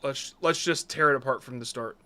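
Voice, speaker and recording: A man's voice: medium pitch, fairly quick, bright, forceful tone. A man hosting a live stream, reviewing viewers' short videos in casual commentary that is hesitant and apologetic, with many restarts.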